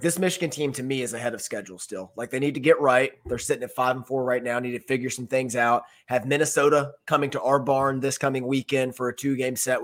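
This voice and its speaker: A young American man, engaged to be married, co-hosting a sports podcast in relaxed, filler-heavy talk. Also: mid-range voice. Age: young adult. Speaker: podcast co-host. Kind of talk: casual sports podcast chat.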